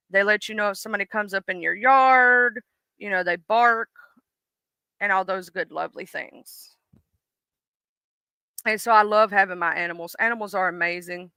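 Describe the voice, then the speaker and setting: A woman's voice: mid-range voice, sharp tone, smooth, no echo, studio quality. A woman, rambling chattily on a live stream and greeting viewers by name. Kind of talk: casual live-stream chat.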